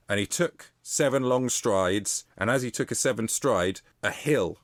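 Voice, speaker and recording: Low-voiced man telling folklore. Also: expressive, unhurried, a bit bright, no echo. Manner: playful, laughs often, reads legend aloud. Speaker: podcast co-host telling folklore. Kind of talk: casual comedic storytelling.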